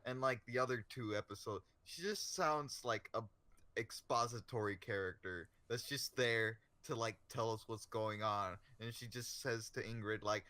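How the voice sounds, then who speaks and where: A man co-hosting a podcast in casual chat, speaking haltingly with many fillers. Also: mid-range voice, bright, forceful tone, dry recording. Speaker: podcast co-host.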